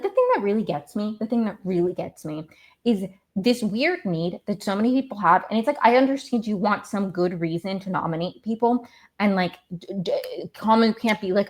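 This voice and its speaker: A woman's voice: mid-range voice, lively intonation, normal speed. A woman hosting a podcast, recapping a reality show in a casual, rambling, exasperated way and often going off on tangents. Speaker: podcast host.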